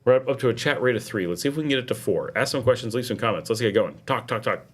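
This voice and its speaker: A man's voice: mid-range voice, rapid-fire, breathy edge. A middle-aged man hosting a casual livestream, chatting and reading viewer comments aloud. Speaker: livestream host. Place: home in Nicaragua.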